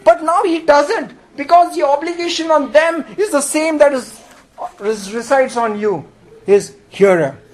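High-pitched man preaching a sermon, emphatic, asks the congregation questions and draws their responses. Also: unhurried, slight background noise. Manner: emphatic, with sudden jumps in pitch and volume.

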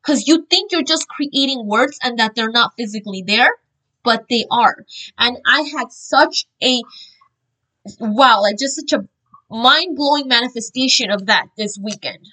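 A woman earnestly sharing a religious testimony, telling her story in an animated, informal way with frequent fillers and restarts. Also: a little high, a little slow, rough recording.

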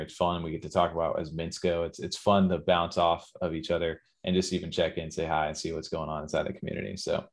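A tired man co-hosts a late-night podcast in a very low, flat voice. His talk is laid-back and slangy, with lots of casual asides to his co-hosts and listeners. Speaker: podcast co-host.

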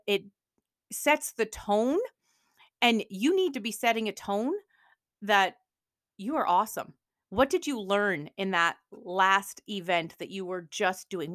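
Energetic woman coaching on mindset. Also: medium pitch, measured pace, dry recording, clean studio sound. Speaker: podcast host. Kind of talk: motivational podcast talk.

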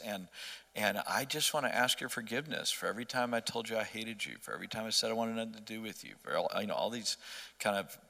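A man's voice: on the low side, vocal fry, bright, forceful tone, in a large hall. A middle-aged man earnestly telling a personal faith story in conversation, often restarting his sentences. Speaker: interview guest.

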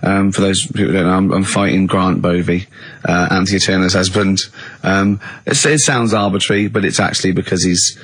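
Husky English man, 40s, radio host. Bumbling anecdotes, dry studio sound. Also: fairly even intonation, a little fast, fairly bright tone, no room sound. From England. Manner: bumbling storyteller, breaks into high laughs. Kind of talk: casual radio banter.

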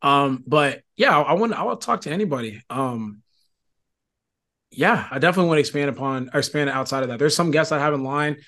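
A man's voice: on the high side, expressive, a bit bright. A man as a podcast guest, chatting loosely and swearing freely in casual conversation. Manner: loose, profane, rapid chatter.

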